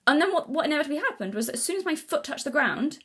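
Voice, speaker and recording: A young woman vlogs in a high voice with wide pitch swings, talking very fast in a fairly bright tone. Her casual, unscripted talk is earnest and rambling, full of restarts and self-corrections, as if she's thinking aloud.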